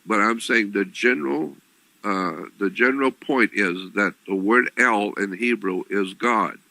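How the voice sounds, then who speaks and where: A man giving an explanatory talk on religion, deliberate and repetitive, often clearing his throat. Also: lowish voice, bright, forceful tone, no room sound, poor audio. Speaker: lecturer on religion.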